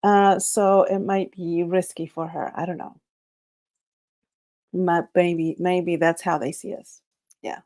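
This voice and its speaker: A woman whose first language is Spanish, hosting a casual livestream, talking in a halting, nervous way with many restarts. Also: fairly low pitch, level tone, dark tone. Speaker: livestream host.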